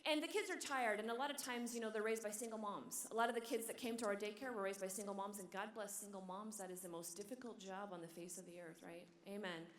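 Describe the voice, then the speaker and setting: A religious sister giving a talk at a conference, telling stories with animated energy and dropping to a hushed whisper at tender moments. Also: female voice, medium pitch, fast talker, hardly any pauses. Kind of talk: sermon. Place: large hall. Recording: echoey hall.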